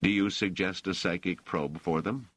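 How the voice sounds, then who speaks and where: A man voicing a stern police officer who questions suspects in a flat, probing, faintly sarcastic way. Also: low-pitched, moderate pace, no echo, pitched above the performer's own voice. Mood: interrogating. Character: stern male police officer, coolly interrogating.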